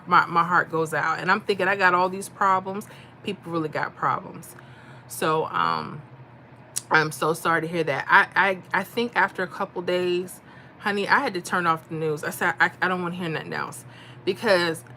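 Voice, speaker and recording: A woman's voice: fairly low pitch, bright, forceful tone, slight background noise. A middle-aged woman from Florida, chatting casually on a livestream and reading out viewer comments. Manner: chatty, reads comments aloud, folksy. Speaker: livestream host.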